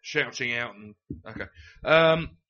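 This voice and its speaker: Man running a podcast film quiz, does silly accents on quotes, husky-ish voice, dull lo-fi audio. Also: medium pitch, a little slow, pushed and bright. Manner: counts down and reads movie quotes in put-on accents. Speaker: quiz host.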